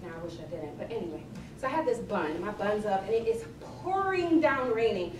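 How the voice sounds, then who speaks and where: Her voice medium in pitch and a bit fast, a middle-aged Cleveland, Ohio, personal chef entertains a library crowd with lively, humorous stories, laughing as she goes. The room echoes, the mic is far off, and there's background noise from the audience.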